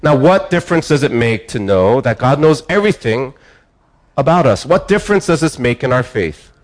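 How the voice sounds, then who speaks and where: A man preaching a sermon, building phrases up and dropping them low, pausing, repeating words and restarting himself. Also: animated. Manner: emphatic preaching, rising and falling with pauses. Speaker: pastor.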